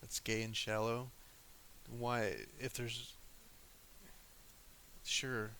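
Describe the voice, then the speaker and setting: Man, crude joking streamer, bright forceful voice, faint hiss in the background. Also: medium pitch, little pitch movement, drawn-out words. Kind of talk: casual chat with live chat.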